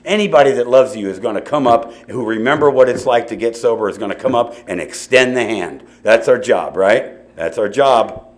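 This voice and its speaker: A man's voice: medium pitch, moderate pace, hardly any pauses. A middle-aged man speaking at a recovery meeting, telling his story in a loose, conversational way with many asides. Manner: conversational storytelling with asides and repeated "you know". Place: meeting hall before an audience.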